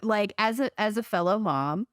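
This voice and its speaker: A woman's voice: mid-range voice, lively intonation, normal speed, dry recording, clean studio sound. A woman, a therapist who hosts the podcast, asking questions and reacting with strong, eager feeling in a casual interview.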